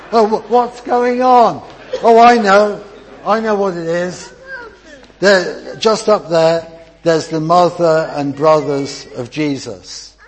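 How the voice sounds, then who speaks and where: An older man, a grandfather, leading a lively children's talk in church and drawing the congregation in. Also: on the high side, slight background noise, rough recording. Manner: chatty and encouraging, with frequent restarts. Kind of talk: informal church talk with audience participation.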